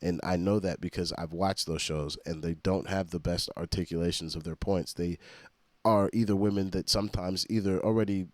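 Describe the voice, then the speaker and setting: A man's voice: sits low, fairly even intonation, normal speed, dry recording. A man hosting a reaction video, commenting in a blunt, profane, exasperated way.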